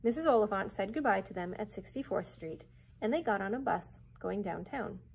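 A children's librarian reading a chapter book aloud in a clear, steady storytelling manner. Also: female voice, medium pitch, fairly quick, low-quality recording.

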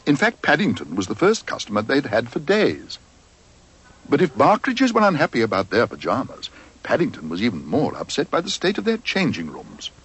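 A man narrating a cartoon storybook in a gentle, expressive way. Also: medium pitch, moderate pace, slightly rough.

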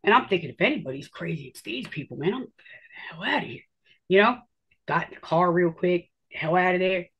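Animated woman telling her story. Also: fairly low pitch, fairly quick, breathy edge, highs cut off. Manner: animated, swears casually, acts out her own reactions. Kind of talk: casual storytelling.

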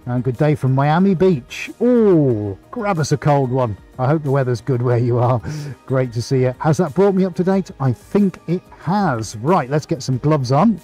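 A man's voice: medium pitch, animated, moderate pace, hardly any pauses, dark tone, soft background music. A man hosting a painting live stream, chatting casually and reading out greetings to viewers. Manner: chatty, reads out viewer greetings with small restarts.

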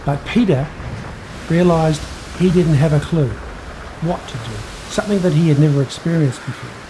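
Telling a Bible story to children, a man uses an expressive storytelling style at a moderate pace. His voice is fairly high for a man, and a faint hum of noise sits behind him.

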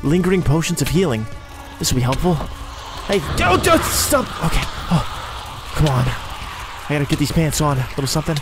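A man's voice: fairly high pitch, brisk, music in the background. Sarcastic young man narrating gameplay. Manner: sarcastic, self-deprecating running commentary. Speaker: role-play gaming creator. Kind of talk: narrated game role-play.

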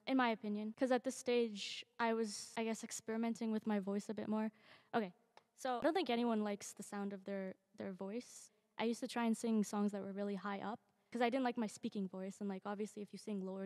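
A woman's voice: mid-range voice, darkish tone. A young woman casually commenting on her own old singing clips, rambling and self-deprecating, swearing now and then, into her own microphone at home.

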